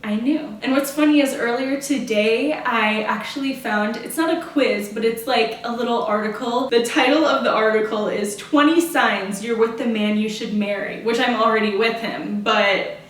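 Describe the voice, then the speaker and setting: A woman's voice: on the high side, normal speed, recorded from a distance. A young woman telling a casual, earnest story on her vlog, chatty and full of "like" and "you know". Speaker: vlogger. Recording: echoey room, voice off-mic, faint hiss.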